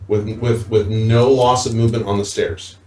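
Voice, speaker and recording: A man's voice: lowish voice, little pitch movement, moderate pace, mellow, slight background noise. A man playing a tabletop game, hesitant and repeating words, recorded in an echoey room from a distance. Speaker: player. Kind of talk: in-character tabletop play.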